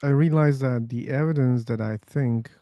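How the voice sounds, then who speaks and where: A man's voice: mid-range voice, moderate pace, no echo, muffled recording. A man hosting a casual live-stream discussion, bluntly answering chat questions and joking with guests. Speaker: livestream discussion host.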